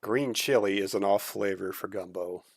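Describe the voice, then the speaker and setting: A man's voice: fairly low pitch, moderate pace. A man streaming casual reaction commentary, blunt and critical, swearing freely.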